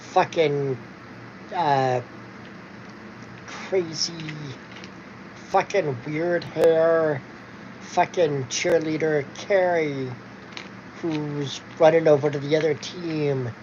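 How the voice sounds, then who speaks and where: A man talks slowly and loosely, stopping and restarting his sentences with plenty of fillers. The recording is dull and lo-fi, with a faint hiss behind him. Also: a little high, steady tone, a little mellow. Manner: rambling, halting, with many fillers and restarts. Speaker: vlogger. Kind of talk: casual chat. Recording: dull lo-fi sound with faint noise.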